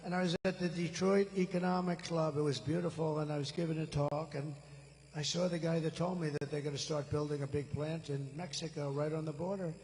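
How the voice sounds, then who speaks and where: A man's voice: on the high side, steady tone, fairly quick, darkish tone, long reverb tail, a little hiss or hum, poor audio. A man in his seventies giving an off-the-cuff, rambling, boastful campaign rally speech into a stage microphone. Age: 70s. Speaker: political candidate. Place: large rally venue.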